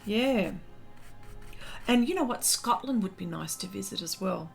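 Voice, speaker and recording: A woman's voice: medium pitch, animated, a little slow, gravelly, soft background music. An Australian woman hosting a casual art livestream, chatting and reading viewer comments aloud with lots of fillers and laughter.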